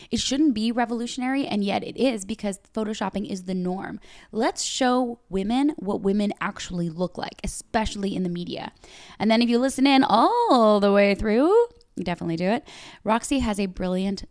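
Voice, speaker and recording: A woman's voice: a little high, dry recording, studio quality. A woman hosting a podcast interview, talking in an upbeat, gushing way. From Canada. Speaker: podcast host.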